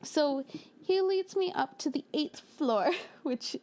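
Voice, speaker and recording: High-voiced young woman telling a story. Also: takes it slowly. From United States. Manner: animated, acts out quoted lines with little voices and laughs. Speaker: storytime narrator. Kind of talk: storytime narration over a speedpaint.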